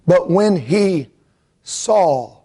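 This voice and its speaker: Male revival preacher, very high voice, tearful, shouts in fervent bursts then drops to a hush. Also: animated, drawn-out words, breathy edge. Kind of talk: revival sermon.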